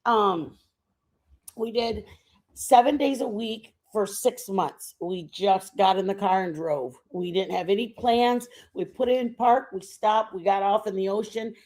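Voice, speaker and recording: A woman's voice: medium pitch, measured pace, a little mellow. A woman in her fifties from the United States, chatting casually and rambling to her viewers on a live stream. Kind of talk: casual chat.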